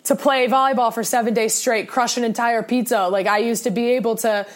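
A woman's voice: on the high side, steady tone, a little fast. A young woman co-hosting a sports podcast, talking in an earnest, rambling way with many restarts. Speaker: podcast co-host. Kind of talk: casual sports podcast talk.

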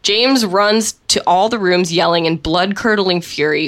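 A woman with a lowish voice reads a written story aloud. She keeps a dry, wry tone and laughs often as she goes. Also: unhurried, a bit bright. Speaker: co-host reading a story aloud.

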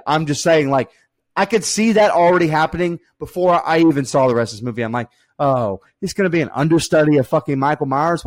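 A man's voice: on the high side, no echo. Blunt, profane man reviewing a movie. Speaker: podcast co-host. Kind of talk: casual movie review chat.

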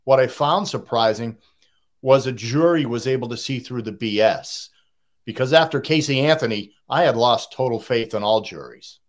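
A man's voice: mid-range voice, moderate pace. A middle-aged man with a Boston accent, a podcast guest giving blunt, cynical opinions in casual talk. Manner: blunt, cynical, plain-spoken.

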